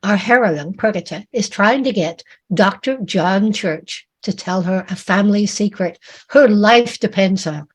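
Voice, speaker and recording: A woman author reads her own fiction aloud at an unhurried pace. Her delivery is measured and dramatic. She lets each phrase land before moving on. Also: mid-range voice. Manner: slow, measured dramatic reading.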